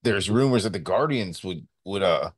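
A man in his thirties co-hosting a sports talk show, telling stories in a rambling, animated way with many fillers. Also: sits low, normal speed, husky. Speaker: sports radio co-host.

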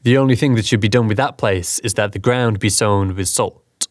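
Old rural farmer, grief-stricken and gruff, low and dry, read by a man. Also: moderate pace, no room sound, close to an everyday voice. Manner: gruff, then sorrowful. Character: grieving old male farmer, wary and haunted.

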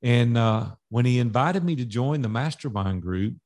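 A man who is a business coach, a podcast guest telling animated stories and acting out past conversations in dialogue. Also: mid-range voice, normal speed. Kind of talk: storytelling in a podcast interview.

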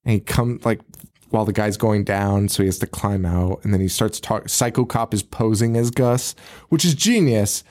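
A man's voice: fairly low pitch, moderate pace, darkish tone. A man hosting a podcast, recapping a movie in casual chat, swearing often, laughing and acting out the characters' lines. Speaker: podcast host.

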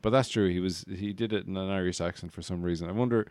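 A man's voice: deep voice, fast, darkish tone, smooth, no echo, studio quality. A man co-hosting a podcast, chatting casually about a film, laughing easily and swearing now and then. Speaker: podcast co-host.

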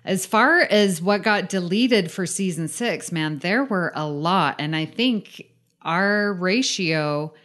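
A woman's voice: on the low side, lively intonation, slow, fairly bright tone. A woman co-hosting a podcast in casual chat, friendly and giggly. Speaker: podcast co-host.

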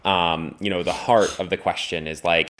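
Deep-voiced man reflecting on a podcast. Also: fairly even intonation, normal speed, fairly bright tone. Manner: reflective, posing questions. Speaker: podcast co-host. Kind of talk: casual podcast discussion.

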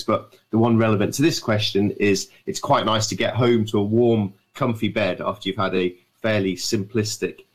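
Low-voiced English adventurer, dry wit. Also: male voice. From north of England. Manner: dry, self-mocking humor. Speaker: guest adventurer. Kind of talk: podcast interview over a call. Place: writing shed in his garden. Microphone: remote call.

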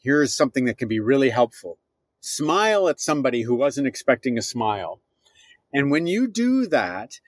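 A middle-aged man answering an interview question, speaking earnestly and plainly with gentle advice. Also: medium pitch, dry recording. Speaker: guest, philosophy professor.

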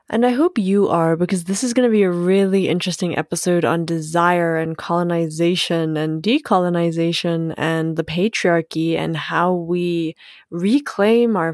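A woman hosting her own podcast, talking alone in a musing, unhurried way, swearing freely and laughing often. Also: on the low side, a little mellow, no echo, studio quality. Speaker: podcast host. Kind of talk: casual solo podcast monologue.

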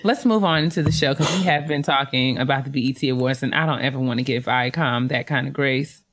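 A woman co-hosting a podcast in casual chat, chatty and quick to laugh as she gives shout-outs to listeners. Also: extremely low pitch. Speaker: podcast co-host.

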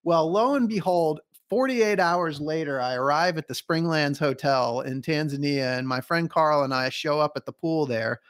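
A man's voice: a little high, normal speed, hardly any pauses. A man hosting a podcast interview, telling a story eagerly and acting out the voices of people he quotes. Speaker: podcast host.

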